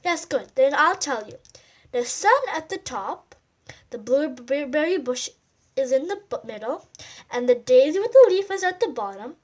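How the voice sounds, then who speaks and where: A woman voicing a small, shy girl mouse who paints, speaking earnestly and gently. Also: sits high, expressive, unhurried.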